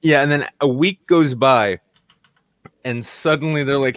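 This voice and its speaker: Man, podcast host, sarcastic ranting, heavy swearing, mid pitch, dry close mic. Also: measured pace, a bit bright, no room sound. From New England. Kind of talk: casual profane chat.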